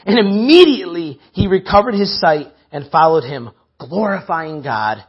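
A man's voice: high voice, expressive, normal speed, breathy edge, lo-fi sound. A man preaching a sermon, emphatic, repeating phrases and calling out to the church.

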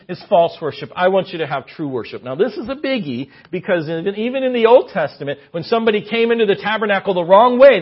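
A man's voice: on the high side, husky. A man preaching a conversational sermon as guest preacher, chatty and given to joking asides. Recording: muffled lo-fi sermon recording.

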